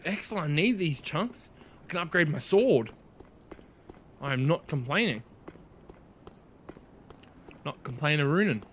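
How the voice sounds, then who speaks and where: A bright-voiced man chats his way through a video game, excitable and quick to exclaim. His voice sits a little high and swings widely in pitch. He talks to himself and to his viewers as he plays. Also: slight background noise. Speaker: let's play host. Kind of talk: casual gameplay commentary.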